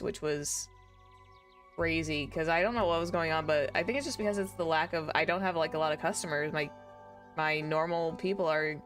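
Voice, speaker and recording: A woman's voice: lowish voice, fairly bright tone. A young woman VTuber chatting casually on a gaming stream, rambling with many fillers. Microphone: desk streaming mic.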